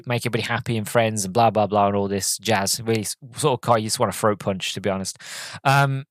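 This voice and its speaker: A man's voice: mid-range voice, a bit bright, no echo. Rambling man reviewing a film. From Britain. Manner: rambling, with many fillers and restarts, retelling scenes in quoted voices. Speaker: podcast host.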